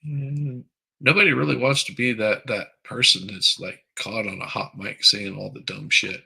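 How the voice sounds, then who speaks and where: A man's voice: on the low side, fairly even intonation, normal speed, gravelly, bright, forceful tone, breathy edge, poor audio. A man hosting a live stream, chatting casually and crudely, rambling while he reads viewer comments aloud. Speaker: livestream host.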